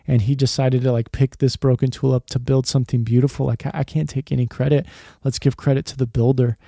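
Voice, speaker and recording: A man's voice: medium pitch, level tone, fast talker, gravelly, mellow, no room sound, studio quality. A man in his thirties hosting a faith podcast for dads, talking in an earnest, rambling way and dropping "man" often. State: choked up, emotional. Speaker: podcast host. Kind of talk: heartfelt podcast monologue.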